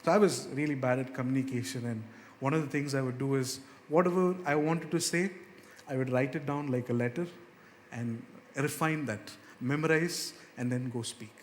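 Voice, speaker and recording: A male pastor delivers an earnest sermon at an ordinary pitch, lifting his voice and slowing down whenever he quotes scripture. His words ring out with the long reverb of a church hall. A faint murmur of room ambience sits underneath. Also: a little hiss or hum. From India. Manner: earnest, rises in pitch and slows down on scripture verses.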